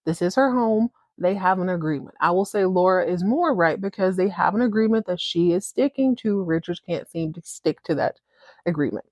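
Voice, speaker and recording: A woman's voice: on the low side, expressive, normal speed, a little mellow, no room sound, studio quality. Chatty, slangy woman recapping a show. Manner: chatty, slangy, acts out characters. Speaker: podcast host. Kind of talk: casual TV episode recap.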